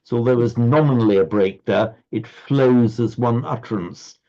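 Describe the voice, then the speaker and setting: A man's voice: medium pitch, dark tone. Patient male teacher on a dull call. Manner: patient, explanatory, halting restarts. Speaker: Sanskrit recitation teacher. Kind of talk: online class instruction. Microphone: video call.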